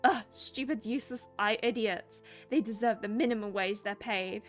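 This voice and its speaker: A woman voicing a young woman in a romance game, alternately desperate and spoiled, speaking high and emphatic. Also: moderate pace, faint music behind. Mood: haughty. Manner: high-pitched, loud and emphatic. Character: young woman, desperate lover then haughty spoiled girlfriend.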